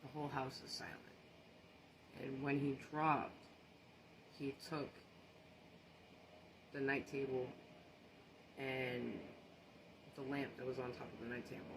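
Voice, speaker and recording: Man, casual social media storyteller, earnest and rattled, mid pitch, steady background noise under the voice. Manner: earnest, shaken retelling with restarts and repeated phrases.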